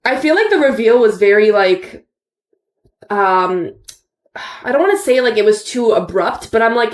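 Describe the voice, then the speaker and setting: A woman's voice: medium pitch, expressive, moderate pace, reverberant. A woman chatting casually and animatedly, retelling what happened with bursts of laughter. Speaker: co-host reacting to a show finale. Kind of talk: casual chat.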